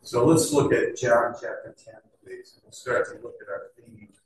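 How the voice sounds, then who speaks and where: A middle-aged man preaching a sermon in an earnest, conversational way, with many fillers, slowing to stress scripture words. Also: medium pitch, huge pitch swings, noisy background. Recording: echoey hall, distant mic.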